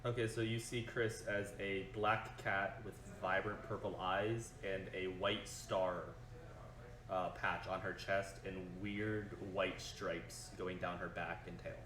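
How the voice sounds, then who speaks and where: A man with a fairly low voice running a tabletop game, relaxed and hesitant. He sounds echoey, as if recorded in a bare room, with faint hiss underneath. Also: takes it slowly. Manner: relaxed, hesitant, lots of fillers. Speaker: dungeon master.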